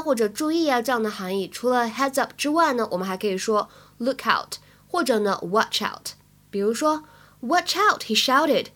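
Chatty higher-voiced woman teaching English. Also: a bit bright. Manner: chatty, asks rhetorical "right?" checks. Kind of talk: explaining English phrases to students.

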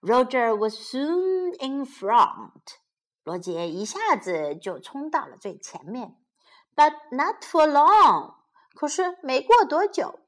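Slow, lively woman reading a kids' story. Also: sits high. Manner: slow, clear, expressive reading. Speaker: children's English story teacher. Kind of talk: bilingual storybook read-aloud for kids.

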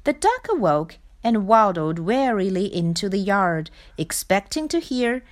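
Slow, lively woman reading a storybook. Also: medium pitch. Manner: expressive, sing-song storytelling. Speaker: storybook reader. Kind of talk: reading a picture book aloud.

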